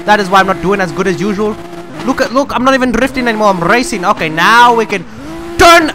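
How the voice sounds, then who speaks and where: A young man giving jokey, boastful gameplay commentary, swinging from mumbled asides to yelling. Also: sits high, fast, noisy background. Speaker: gaming channel host. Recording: game music loud behind the voice. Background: loud game music and car engine sounds.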